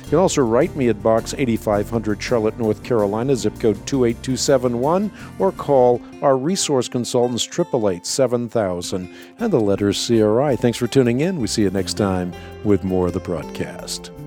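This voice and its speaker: A man's voice: medium pitch, animated, normal speed, hardly any pauses, mellow, soft background music. A man hosting a Christian call-in radio show, giving earnest pastoral counsel to a caller. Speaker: radio talk show host.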